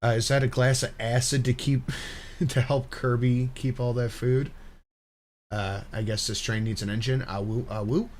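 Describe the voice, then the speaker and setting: A man's voice: mid-range voice, level tone, moderate pace, a little mellow, slight background noise. A man co-hosting a stream, joking and commenting casually, sometimes putting on a barker or announcer voice. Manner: joking, slips into a carnival barker and sports announcer voice. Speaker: co-host.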